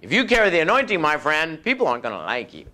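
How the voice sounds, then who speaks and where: A male preacher delivers a folksy, conversational sermon in a somewhat high voice. He acts out the voices of demons and doubters, sinking into a low, soft tone for effect. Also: wildly swooping pitch, quick pace, noisy background.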